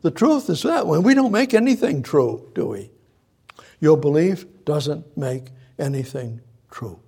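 A man with a gravelly, husky voice, pitched a little high, preaching a sermon. He halts and restarts often and leans on rhetorical questions to drive his point home. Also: very animated, mellow. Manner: halting, repeats himself, rhetorical questions.

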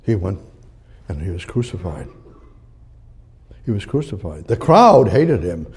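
An older man preaching a sermon as pastor, with a gravelly voice, acting out crowd quotes. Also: low voice, big pitch swings, unhurried, darkish tone.

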